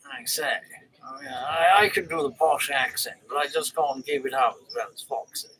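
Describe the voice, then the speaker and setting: A man's voice: medium pitch, moderate pace, sharp tone, low-quality recording. An older man hosting a live stream, chatting casually and rambling through viewers' comments with plenty of fillers and restarts.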